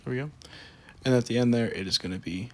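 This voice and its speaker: Quick-paced and fairly bright, this man's mid-range voice carries a laid-back calculus lesson recorded from his screen. The math teacher narrates every step while writing, though he sounds tired and keeps yawning.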